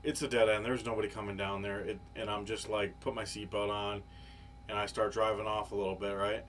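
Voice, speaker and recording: A man's voice: lowish voice, level tone, fairly quick, a bit bright. A man co-hosting a podcast, telling a long, rambling, profane story in casual chat, full of fillers. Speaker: podcast co-host. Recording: live podcast, faint background noise.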